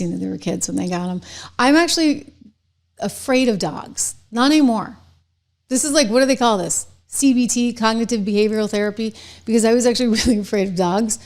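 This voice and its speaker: A woman's voice: mid-range voice, darkish tone. A middle-aged woman hosting her own live online show, chatting casually with viewers and laughing often between stories.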